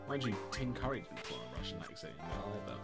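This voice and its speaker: An English man hosting a gaming livestream, chatting with a friend in a loose, jokey way and swearing freely. His pitch swings widely as he talks. Music plays clearly in the background. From England. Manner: jokey, swearing, laughing often. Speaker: livestream host. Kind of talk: casual gaming stream chat.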